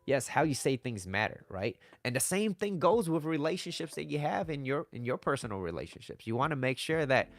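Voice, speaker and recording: A man's voice: mid-range voice, big pitch swings, a little fast, few pauses. Guy doing a relationship advice vlog, blunt, swears a lot, says "right?" constantly, faint music in the back. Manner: blunt and conversational, swears, keeps asking "right?". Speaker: dating and relationship advice vlogger. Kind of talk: casual motivational talk to camera.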